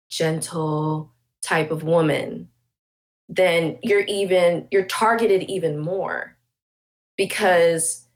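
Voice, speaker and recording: A woman speaking as a podcast guest, passionate and emphatic, building her points with rhetorical questions. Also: on the low side. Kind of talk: conversational interview.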